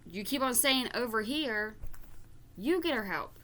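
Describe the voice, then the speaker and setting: A woman's voice: on the high side, expressive, measured pace, pushed and bright. A woman doing reaction commentary, ranting in exasperation, swearing and stumbling over repeated words. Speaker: reaction vlogger. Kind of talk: reaction commentary reading viewer comments aloud.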